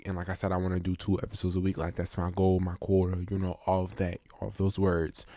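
In a dry, studio-quality recording, a low-voiced man hosts his own podcast, giving a casual solo review. He rambles with plenty of fillers and turns emphatic when he starts ranting.

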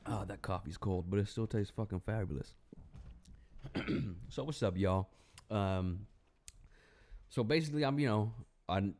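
A young man hosting a podcast, telling stories in profane, animated casual chat. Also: on the low side. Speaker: podcast host.

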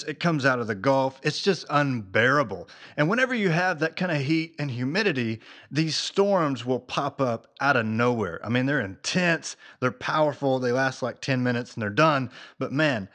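A man hosting a faith talk, telling a story in a lively, conversational way with casual fillers. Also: medium pitch. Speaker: faith podcast host.

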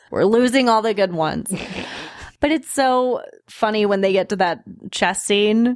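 A woman's voice: mid-range voice, a little slow, no echo, studio quality. A woman co-hosting a casual chat about an old film, chatty and laughing often. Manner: chatty, laughs often, tosses in silly quoted voices. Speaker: podcast co-host.

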